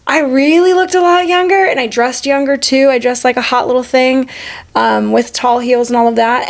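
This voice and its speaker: Woman in her forties, high voice, candid podcast host, casual chat, swears freely. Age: 40s.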